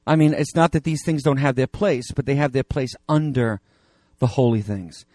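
A man's voice: medium pitch, moderate pace, darkish tone, no echo, studio quality. A middle-aged man preaching a sermon as pastor, in a conversational way with frequent fillers and restarts.

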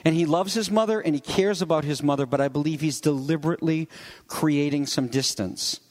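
Animated preacher with hall reverb. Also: male voice, on the high side, fairly quick. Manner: conversational, animated, acts out quoted voices. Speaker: pastor. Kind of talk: sermon.

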